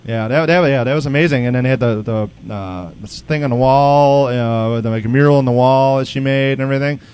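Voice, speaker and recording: A man's voice: medium pitch, a little fast, a little mellow, clean tone. A man hosting a podcast, chatting casually and rambling with many restarts. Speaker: podcast host. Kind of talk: casual chat.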